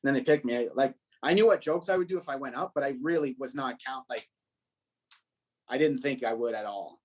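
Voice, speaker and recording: A man's voice: medium pitch, fairly quick. A young adult man, a stand-up comedian, chatting loosely on a podcast and telling rambling stories with plenty of swearing. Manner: loose and profane, rambling storyteller. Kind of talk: casual podcast chat.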